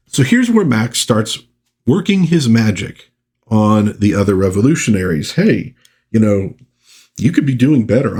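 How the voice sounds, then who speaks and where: A man's voice: on the low side, a little mellow. A middle-aged man reviewing a vintage comic book in a casual chat, reading the panels aloud and sometimes giving the characters playful voices.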